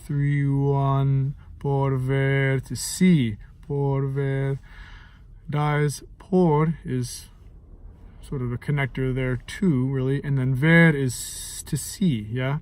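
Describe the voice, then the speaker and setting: A man who teaches music and composes gives an informal lesson on setting text to music, his medium-pitched voice steady, slow and a little mellow. He thinks aloud with many fillers and sings short phrases as examples. The recording is dry.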